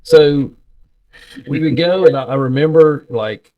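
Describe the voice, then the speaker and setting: A middle-aged man, telling animated, folksy stories as a podcast co-host in casual chat. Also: a little high, a little slow, lo-fi sound.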